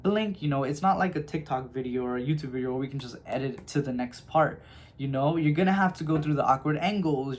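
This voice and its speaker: A man's voice: on the high side, darkish tone. A man giving a casual tarot reading to camera, chatty and reassuring, often checking in with "okay?" and calling his listeners his loves. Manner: affectionate, calls listeners "my loves". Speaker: tarot reader.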